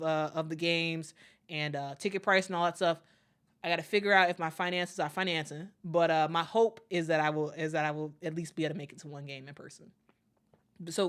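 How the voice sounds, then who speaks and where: A woman with a fairly low, slightly bright voice hosts a live stream, chatting casually with viewers and using lots of fillers and repeated words. She's friendly and gets upbeat when reading viewer messages and thanking people.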